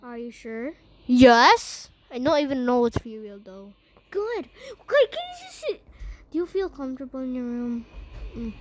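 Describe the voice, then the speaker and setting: High-voiced woman reading a spooky game survey. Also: sing-song, normal speed. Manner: playful, reads on-screen questions aloud and answers them; jokingly spooked, sometimes puts on a scary voice. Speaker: gamer. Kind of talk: casual gameplay commentary.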